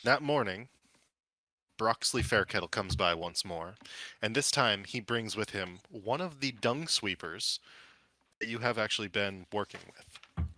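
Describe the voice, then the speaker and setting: A man with a lowish, bright voice runs a tabletop game in a casual way. He narrates with lots of fillers and restarts. The recording is dry and close. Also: animated, a little slow, no room sound. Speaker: game master.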